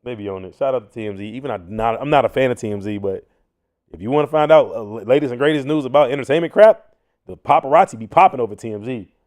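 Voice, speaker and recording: Host: young man, lively pitch swings, casual mocking commentary. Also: quick pace. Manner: loud, animated, mocking, slangy. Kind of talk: casual commentary on news clips.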